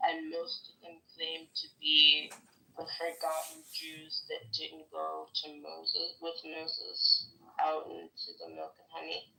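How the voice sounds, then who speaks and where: A woman with a very low, gravelly voice, speaking bluntly and with strong opinions in a casual audio chat. Her tone is bright and sharp, and she sounds far from the mic.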